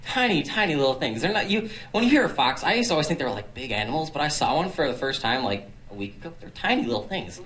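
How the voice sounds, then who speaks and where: A man's voice: fairly high pitch, big pitch swings, fast, few pauses, a bit bright, rough recording. A teenage boy giving a casual Bible talk at a nursing home, retelling the story in a chatty way with lots of fillers and restarts. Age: teens. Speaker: youth preacher.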